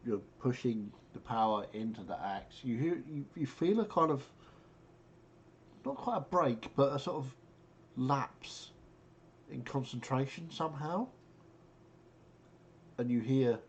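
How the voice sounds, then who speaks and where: A man, narrating as game master in a relaxed, descriptive way. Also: mid-range voice, slight background noise.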